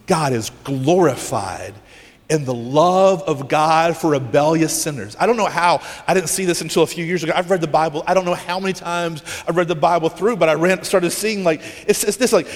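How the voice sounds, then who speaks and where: A man pastor preaches with intense emphasis in a somewhat high voice, pausing dramatically and dropping to a hush. His sermon rings with a long hall reverb from the church sanctuary. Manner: emphatic and intense, with dramatic pauses and sudden hushes.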